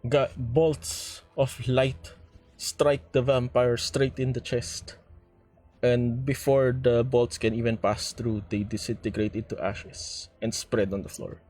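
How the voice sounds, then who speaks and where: A man's voice: mid-range voice, fairly even intonation, takes it slowly, darkish tone, faint music behind. A man with a Filipino accent running a tabletop game as game master, patiently explaining rules and narrating scenes.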